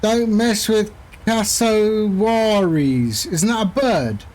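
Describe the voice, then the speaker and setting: A man's voice: high-pitched, slow, darkish tone. A man streaming a flight simulator, chatting casually and rambling with jokey asides to his viewers. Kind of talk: casual chat while flying a sim.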